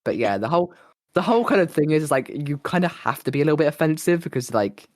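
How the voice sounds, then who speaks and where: A man co-hosting a podcast, hoarse and losing his voice, chatting casually and rambling with plenty of "like". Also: fairly high pitch, big pitch swings, quick pace, no room sound, clean studio sound. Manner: rambling, lots of "like" and restarts. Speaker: podcast co-host and streamer. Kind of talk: casual chat.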